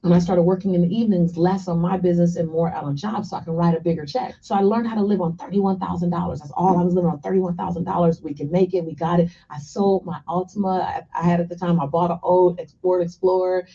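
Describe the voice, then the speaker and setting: A woman's voice: fairly low pitch, steady tone, fast talker, hardly any pauses, warm tone, slightly rough. A woman speaking as a guest, telling her story in an emphatic motivational style and repeating phrases for effect. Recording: slightly muffled radio broadcast.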